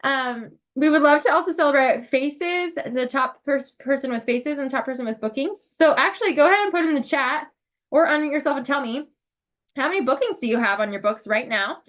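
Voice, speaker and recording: A woman's voice: high-pitched, expressive, a little fast, a bit bright. A young woman leading a team meeting on a video call, giving an upbeat, emotional pep talk full of fillers. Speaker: sales unit leader.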